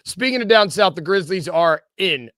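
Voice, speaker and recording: A Tennessee man with a Southern American accent hosts a casual podcast chat, jokey and rambling and quick to laugh. His high voice is a bit bright with lively intonation, captured in studio quality with no echo.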